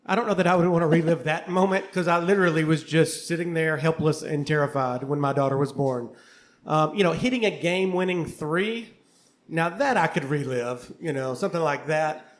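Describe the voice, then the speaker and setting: A man's voice: fairly high pitch, brisk. A middle-aged man, a history teacher and musician, talking candidly and casually on a panel with many fillers. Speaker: co-host, history teacher and bassist. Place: coffeehouse before a live audience.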